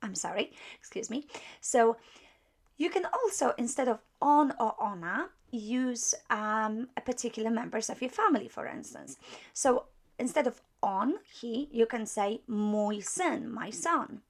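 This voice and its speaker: A woman teaching a beginner language lesson, explaining step by step with many pauses and patient repetition. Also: a little high, lively intonation. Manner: apologetic when correcting herself.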